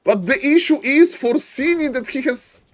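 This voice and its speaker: A man casting a live strategy game, excitable, repeating phrases and yelling advice at the players in non-native English. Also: very high-pitched, moderate pace. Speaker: esports caster.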